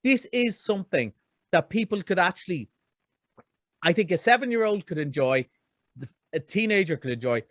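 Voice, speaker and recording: A middle-aged man with a notably high voice talks through a film review in a chatty, enthusiastic ramble. The sound is close and dry, with no room around it. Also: animated, normal speed, pauses often, dry recording. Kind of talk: casual radio chat.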